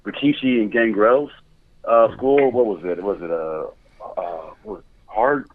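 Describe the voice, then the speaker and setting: Unhurried and lowish in voice, a male motion capture director guests on a relaxed podcast, talking candidly, telling stories, and laughing often. There's slight background noise, and the recording has a tinny, phone-like quality.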